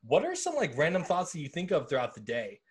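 A young man from the Midwest hosting a podcast in casual chat, loose and quick to swear. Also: a little high, huge pitch swings, breathy edge. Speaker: podcast host.

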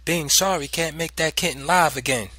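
A man's voice: fairly high pitch, normal speed, no echo, voice pushed up. A man voicing a stern mother who scolds and taunts her young son in a dry, close recording. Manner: sharp, commanding, taunting.

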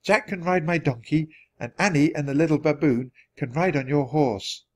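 A kind, caring nurse with a soft, comforting voice, as a man reading a storybook puts her on. Her tone sits somewhat higher than the reader's own and stays gentle and reassuring. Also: normal speed, close to an everyday voice.

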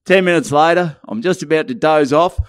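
A man's voice: fairly high pitch, brisk, no echo, clean studio sound. A young Australian man co-hosting a podcast, rambling through a crude anecdote and acting out the lines people said. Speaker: podcast co-host. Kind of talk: casual storytelling chat. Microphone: studio mic.

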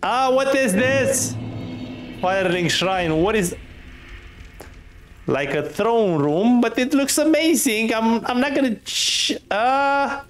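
A man commentating his first play of a game, excitable, laughing often and swearing casually at enemies. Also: high-pitched, a little slow, soft background music. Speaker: gaming streamer.

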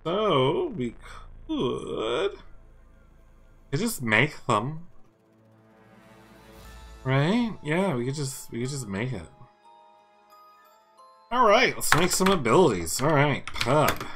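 Slow-talking, bright-voiced male coder. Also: medium pitch, big pitch swings, faint music behind. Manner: thinks aloud, repeats himself, chats to viewers. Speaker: game developer streaming his coding. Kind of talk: casual live-coding chat.

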